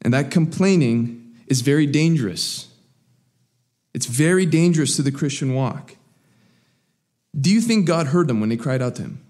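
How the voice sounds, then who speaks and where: A man preaching a sermon, swinging between raised, emphatic lines and low, quiet asides. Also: animated, normal speed, long pauses. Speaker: pastor.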